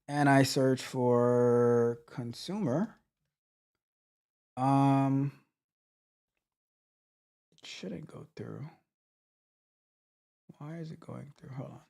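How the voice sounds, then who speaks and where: A man coaching on tech during a live coding walkthrough, thinking aloud with halting restarts and trailing off. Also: medium pitch, gravelly, a little mellow.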